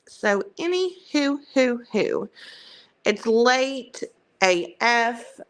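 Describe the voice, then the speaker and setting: A woman's voice: medium pitch, a bit bright. A woman with a Southern US country accent, hosting a livestream in chatty, rambling, self-mocking casual talk. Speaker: livestream host. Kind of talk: casual chat.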